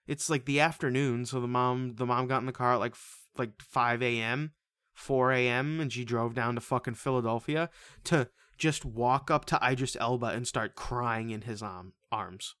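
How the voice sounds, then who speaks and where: A man co-hosting a casual movie review podcast, rambling and swearing freely as he retells plots with animated energy. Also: mid-range voice, moderate pace, smooth. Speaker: podcast co-host.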